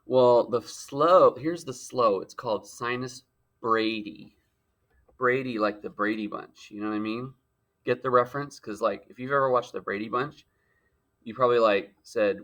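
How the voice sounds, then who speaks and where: Guy teaching a lecture, jokey asides, pretty bright sharp tone. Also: mid-range voice, normal speed. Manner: playful, joking asides.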